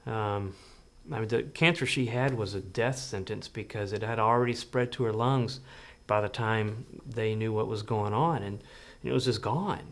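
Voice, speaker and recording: A father telling his story in a reflective interview, halting and earnest with many restarts. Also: lowish voice, fairly bright tone.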